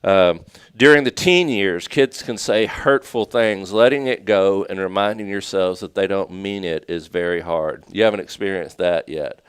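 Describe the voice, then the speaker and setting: A man's voice: deep voice, normal speed, clear, resonant tone, dry recording. A middle-aged man co-hosting a talk show, chatting casually about parenting and reading listener comments aloud with easy chuckles.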